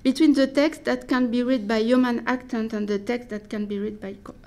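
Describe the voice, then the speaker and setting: Woman reading out a dense academic paper, slightly high voice, careful and slow, restarts here and there. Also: steady tone, darkish tone. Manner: careful, deliberate delivery with restarts and hesitations. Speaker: academic speaker. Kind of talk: reading a prepared academic talk.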